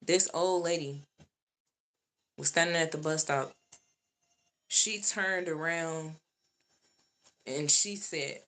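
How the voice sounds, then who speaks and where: A woman's voice: lowish voice, steady tone, slow pace, gravelly, pauses often, pushed and bright. A woman vlogger in a casual monologue, talking straight to her viewers and repeating points for emphasis.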